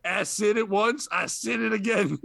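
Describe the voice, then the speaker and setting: A man's voice: high-pitched, measured pace, gravelly, a bit bright, no echo. A man hosting a comedy podcast, joking crudely and laughing often in casual banter. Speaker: podcast host.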